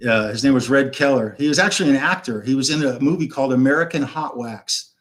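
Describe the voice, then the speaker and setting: A man's voice: mid-range voice, fast talker, a bit bright. A man in his fifties, a guest on a live stream, telling a long rock-and-roll story in a rambling way, swearing and acting out the dialogue. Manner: rambling, swears freely, acts out quoted dialogue.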